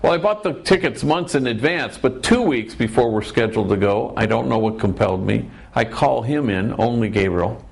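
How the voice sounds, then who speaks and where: Gravelly middle-aged priest telling a story. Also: male voice, medium pitch, animated, moderate pace, hardly any pauses. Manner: wry, anecdotal, punchy lists. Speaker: priest and speaker. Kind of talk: storytelling talk.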